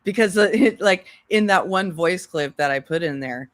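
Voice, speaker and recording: Giggly low-voiced woman co-host. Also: moderate pace, no room sound. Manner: giggly, mocking, fond of doing voices. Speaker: livestream co-host. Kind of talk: casual gossip chat.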